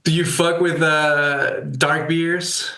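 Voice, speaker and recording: Laid-back male co-host, slow and bright, roomy echo. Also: fairly high pitch, fairly even intonation. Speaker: podcast co-host. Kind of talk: casual banter.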